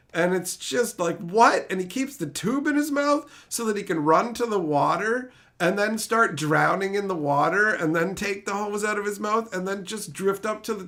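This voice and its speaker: A man's voice: high voice, fairly bright tone. A man streaming a casual, profane rant, sounding exasperated and incredulous.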